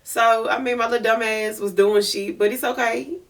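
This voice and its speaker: A woman podcast host telling a personal story in a chatty, animated way, full of fillers. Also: a little high, normal speed. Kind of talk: casual storytelling. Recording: voice distant from the mic.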